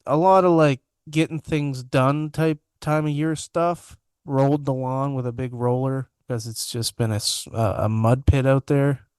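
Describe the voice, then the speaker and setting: A man's voice: medium pitch, steady tone, measured pace, darkish tone, clean tone, no room sound. A young man co-hosting a podcast remotely from his bedroom, chatting with sarcastic, self-deprecating humor. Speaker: podcast co-host. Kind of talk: casual chat over video call. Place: home master bedroom. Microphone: remote video-call mic.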